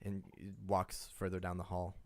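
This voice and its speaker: A man's voice: sits low, monotone, normal speed, dry recording. A man narrating as game master, casual and laughing as he describes scenes.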